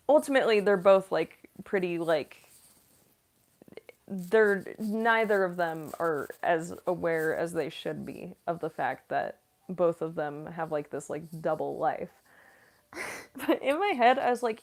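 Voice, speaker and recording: A woman's voice: mid-range voice, unhurried, a little mellow. Rambling woman voice actor streaming. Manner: rambling, lots of "like" fillers. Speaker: voice actress and streamer. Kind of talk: casual livestream chat.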